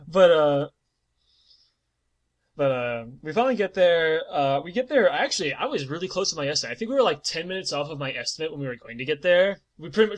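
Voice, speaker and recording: A man in his twenties telling a comedic personal story on a podcast, animated and swearing, now and then breaking into mock-dramatic singing. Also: on the high side. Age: 20s.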